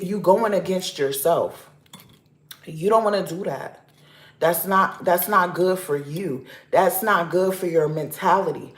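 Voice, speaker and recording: A woman vlog host giving blunt, repetitive life advice in a casual talk to camera at home. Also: fairly low pitch. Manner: emphatic, repetitive, preachy. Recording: roomy echoey room.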